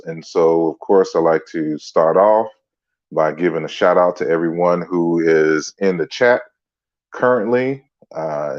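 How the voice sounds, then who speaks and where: Deep-voiced man hosting a home livestream. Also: lo-fi sound. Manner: relaxed, chatty, greets viewers by name. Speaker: livestream host and author. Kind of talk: casual livestream lecture. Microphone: computer mic on a stand.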